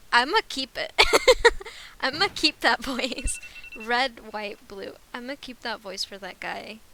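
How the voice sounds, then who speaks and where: A woman's voice: on the high side, takes it slowly, sharp tone, a little hiss or hum, low-quality recording. A woman streamer chatting casually and giggling while she plays a video game. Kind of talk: casual game livestream chat.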